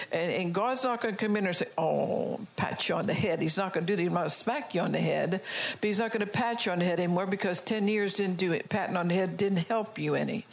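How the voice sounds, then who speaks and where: Delivering a sermon in a mid-range voice, a woman scolds with emphasis and urges the congregation to voice agreement. Her pace slows when she reads out quoted scripture.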